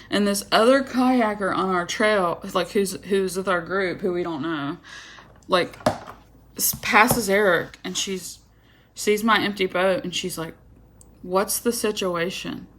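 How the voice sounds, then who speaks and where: A young woman tells a story the casual way, chatting along with plenty of drama. Her pitch sits in an ordinary middle range for a woman. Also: fairly bright tone. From Georgia, USA. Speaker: vlogger.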